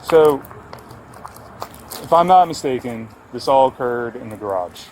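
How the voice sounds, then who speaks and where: A man questioning a woman as a deputy, brisk and steady as he reads out her rights. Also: medium pitch, low-quality recording. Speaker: sheriff's deputy. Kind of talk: police questioning. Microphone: body camera. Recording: body camera audio with outdoor noise.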